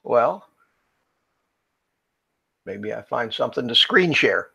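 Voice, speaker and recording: Gravelly-voiced man chatting on a livestream. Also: medium pitch, big pitch swings, slow, pushed and bright. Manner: chatty, laughs often, greets viewers by name. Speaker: co-host of a live drone chat stream. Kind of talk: casual live-stream chat.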